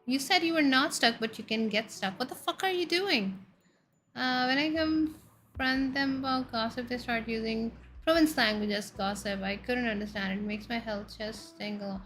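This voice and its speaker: Chatty young woman streamer, bright voice, trips over long words, faint music under. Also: on the high side, normal speed. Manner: playful, chatty, often stumbling over tongue-twisters. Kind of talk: casual stream chat, reading chat.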